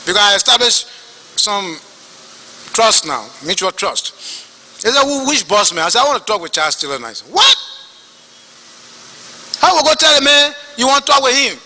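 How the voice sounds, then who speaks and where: Liberian man, very high bright voice. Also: fairly quick, in a large hall, low-quality recording. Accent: Liberian English. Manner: animated, acts out quoted dialogue. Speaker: witness testifying at a hearing. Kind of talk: storytelling testimony.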